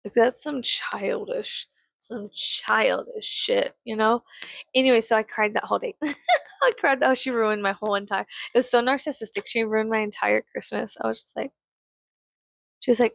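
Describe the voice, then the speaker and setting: A woman's voice: on the high side, fairly even intonation, moderate pace, vocal fry, no echo. A tired young woman ranting casually about family, blunt, profane and sarcastic, sometimes muttering asides under her breath. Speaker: vlogger. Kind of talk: casual storytime rant.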